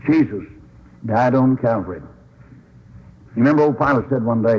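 A man's voice: mid-range voice, expressive, fast talker, long pauses, slightly rough. A man preaching an old-time revival sermon, telling Bible stories in a folksy way and acting out the voices. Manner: folksy storytelling, acts out dialogue, swings up into shouts. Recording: lo-fi radio broadcast recording.

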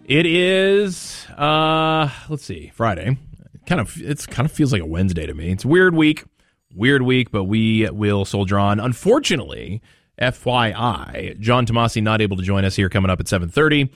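A man's voice: lowish voice, big pitch swings, moderate pace, a bit bright, no echo, clean studio sound. A man hosting a morning radio news show, talking through election results in a chatty, off-the-cuff way with fillers and asides. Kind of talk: conversational political commentary.

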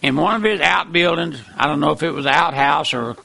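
Male preacher, high and bright with gravel underneath, fervent and emphatic. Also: fast. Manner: fervent, emphatic with wide swings in loudness. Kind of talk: sermon.

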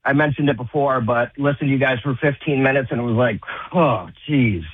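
A man's voice: mid-range voice, steady tone, fast, noisy background. A man calling in to a radio show and chatting in an upbeat way. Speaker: radio caller. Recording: tinny phone line.

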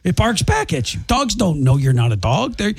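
Radio host guy, high husky voice, bouncy delivery, cracking wry jokes about news stories. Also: big pitch swings, moderate pace. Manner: wry, joking, reads out odd news stories. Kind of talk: morning radio banter.

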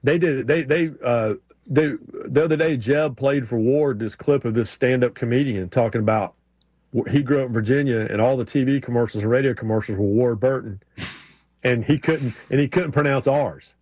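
A man co-hosting a sports show, telling animated stories in casual chat. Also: medium pitch, moderate pace, husky, dry recording. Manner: animated storyteller, mimics drawls in anecdotes. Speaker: sports radio co-host.

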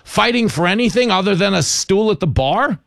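Sarcastic talk-radio host, man, gravelly and fairly high, dry close mic. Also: a little fast, no echo. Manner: mocking, animated, sarcastic.

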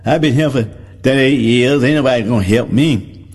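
A man's voice: medium pitch, moderate pace, a little mellow, husky, lightly acted. A man preaching voices a weary paralyzed man who complains that nobody will help him, in a long reverberant hall. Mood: grumbling. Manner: plaintive, grumbling.

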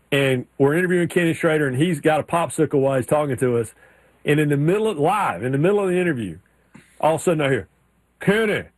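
A man co-hosting a sports radio show, an animated storyteller who slips into drawling voices. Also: a little high, dry recording. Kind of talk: casual sports chat.

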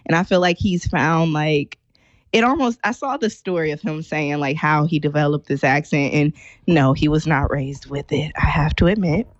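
A woman co-hosting a casual chat show, animated and laughing often as she recaps for viewers. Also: low voice, normal speed, no echo. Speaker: co-host. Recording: slightly dull lo-fi sound.

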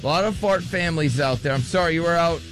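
A man's voice: on the high side, fast, a bit bright, faint music behind. A man hosting a radio call-in show, teasing his callers and laughing easily as he steers the talk. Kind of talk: casual call-in banter.

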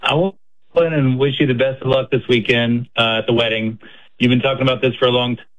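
A man's voice: mid-range voice, steady tone, fast talker, a bit bright, low-quality recording. A man calling into a radio show with earnest, friendly well-wishes. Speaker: caller.

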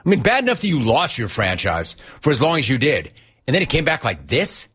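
A man's voice: medium pitch, wildly swooping pitch, a little fast, fairly bright tone, breathy edge. A man hosting a sports radio show, ranting sarcastically and incredulously at a player. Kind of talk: ranting sports talk monologue.

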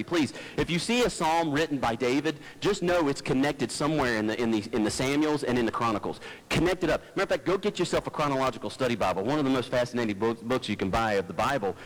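Male pastor, chatty sermon, low-key folksy delivery, headset mic close to the mouth. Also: low-quality recording. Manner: low-talking, folksy, digressive, stumbles and restarts. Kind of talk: conversational sermon.

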